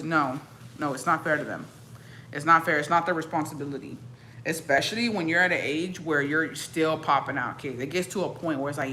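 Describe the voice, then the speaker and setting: A young Mexican-American streamer with a low-pitched voice and a sharp tone talks briskly, reacting bluntly and with profanity to her viewers. Her accented English slips into Spanish now and then, over slight background noise.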